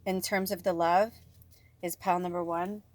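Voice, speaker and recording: A woman's voice: on the low side, little pitch movement, normal speed. A woman giving an emotional spiritual card reading, speaking straight to her viewers with a gushing manner. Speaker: tarot reader.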